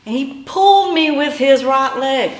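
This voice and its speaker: Animated high-voiced woman telling a story. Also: measured pace, echoey room. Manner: animated, rising to yelps and shouts. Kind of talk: personal storytelling.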